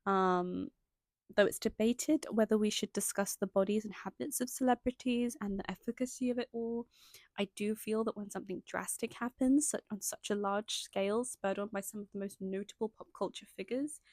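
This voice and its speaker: A woman's voice: mid-range voice, normal speed, a little mellow, dry recording. A young woman narrating a scripted video essay, stopping now and then for chatty, self-conscious asides. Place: indoors at home, lighting changing.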